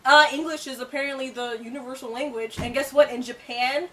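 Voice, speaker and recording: A woman co-hosting a casual movie review chat, excitable and laughing often. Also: brisk, far from the mic, a little hiss or hum. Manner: excitable, laughs often, goes high when mocking critics. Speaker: co-host of a movie review show. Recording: voice from away from the mic.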